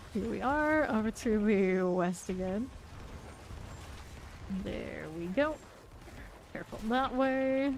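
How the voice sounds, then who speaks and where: A woman's voice: a little high, lively intonation, takes it slowly, long pauses, a little hiss or hum. A woman from Florida with a light Southern accent, chatting casually with her chat while she plays a game on stream. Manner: chatty, laid-back, answers chat while playing.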